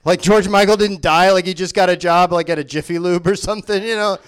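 A man's voice: high-pitched, fairly even intonation, fairly quick, clear, resonant tone. A man from Memphis, doing live stand-up on stage in a small venue, rambling energetically and laughing at his own jokes. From Memphis, Tennessee. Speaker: stand-up comedian.

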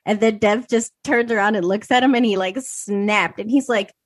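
A woman in her thirties co-hosting a podcast, telling an animated story with lots of swearing and acted-out quotes. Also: medium pitch, normal speed, no echo. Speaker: podcast co-host. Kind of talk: casual chat.

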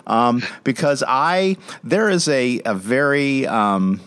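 A man's voice: mid-range voice, very animated, slow pace, fairly bright tone, clean tone, no echo. A man co-hosting a podcast from a hotel room, chatting casually with lots of fillers and restarts. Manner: rambling, with many fillers and restarts. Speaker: podcast co-host. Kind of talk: casual chat. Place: hotel room with a fan humming.

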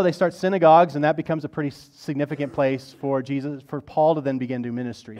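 A male pastor preaching a sermon in a conversational storytelling manner, swelling louder on dramatic moments and dropping soft at the ends of phrases. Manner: storytelling, rising in intensity on quoted lines, dropping low and soft at phrase ends; conversational, with restarts and asides.

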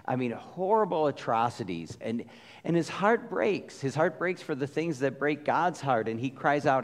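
A man preaching a sermon as a pastor, casual and conversational, with lively asides as he retells a story. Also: medium pitch, normal speed. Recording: long reverb of a large hall.

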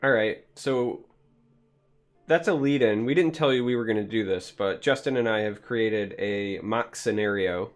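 A man's voice: on the low side, moderate pace, soft background music. A man hosting a casual talk show, asking questions in a loose, joking way. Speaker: host. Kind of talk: casual chat.

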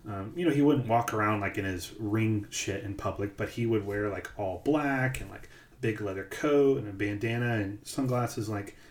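A man's voice: on the low side, moderate pace, roomy sound. A man co-hosting a podcast, telling stories in casual chat with lots of ums and likes. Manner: rambling storyteller, many ums and likes. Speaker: podcast co-host.

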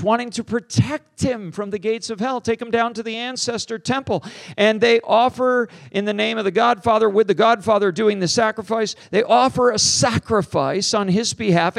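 A middle-aged man preaches by telling a story in a slightly high voice. He acts out every exchange, jumping in pitch and loudness. The sound is dry and close. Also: gravelly, no room sound. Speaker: pastor and teacher on deliverance. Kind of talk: storytelling sermon.

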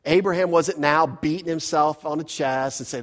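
A man's voice: medium pitch, fairly even intonation, brisk, hardly any pauses. Emphatic preacher man in a reverberant hall. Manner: earnest, emphatic teaching with rising emphasis. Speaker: pastor. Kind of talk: sermon.

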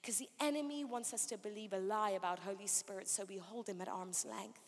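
A woman preaching a sermon quickly and with emphasis. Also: medium pitch, long reverb tail.

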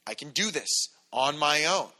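A man preaching a conversational, animated sermon to a congregation, acting out quotes as he goes. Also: on the high side, a little slow. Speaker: pastor. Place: church hall with congregation.

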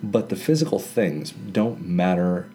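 A man's voice: low-pitched, animated, unhurried, dark tone, a little hiss or hum. A man co-hosting a casual Bible study chat in a library, explaining ideas with everyday examples. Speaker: co-host discussing scripture.

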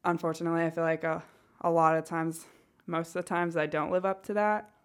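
Her voice is lowish and level, and she speaks briskly. This woman with a Northwest Arkansas accent keeps things casual in podcast chat, giggling a lot and thinking aloud with many fillers.

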